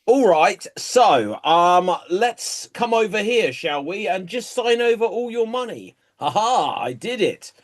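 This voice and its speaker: A man playing a smug, cheeky con man in a high, chirpy improv voice over a video call. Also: big pitch swings, a little slow, hardly any pauses. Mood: gleeful.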